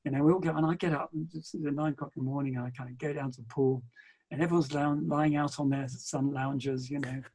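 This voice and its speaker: A middle-aged man from England, a podcast guest telling adventure anecdotes in an animated way and acting out the dialogue. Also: mid-range voice, quick pace, a little hiss or hum. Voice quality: gravelly, husky. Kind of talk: storytelling interview.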